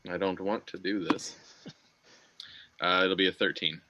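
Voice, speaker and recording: A man playing a tabletop game, casual and quick to laugh. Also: sits low, steady tone, pushed and bright, dry recording, lo-fi sound. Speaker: player.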